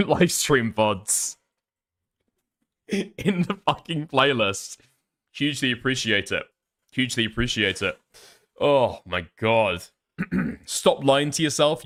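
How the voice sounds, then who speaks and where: A man's voice: medium pitch, a bit bright. A man chatting casually and rambling on a live stream, swearing often. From northern England.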